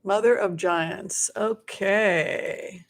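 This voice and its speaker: A bubbly woman chats her way through tarot readings for an online audience. Her talk is playful and warm-hearted, full of little asides and exclamations, set at a middling pitch. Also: steady tone, very slow, vocal fry, background noise. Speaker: tarot reader. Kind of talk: live-stream tarot readings for viewers.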